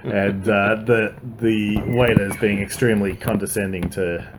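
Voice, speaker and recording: A man co-hosting a casual podcast chat, recapping a film's plot in a loose, animated way and laughing often. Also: on the low side, moderate pace, heavy background noise. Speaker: podcast co-host.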